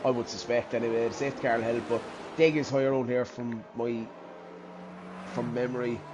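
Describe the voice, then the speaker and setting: A man's voice: medium pitch, steady tone, a little fast, noisy background. Man musing through live race commentary. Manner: thinking aloud, many restarts and trailing sentences. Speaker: sim racing commentator.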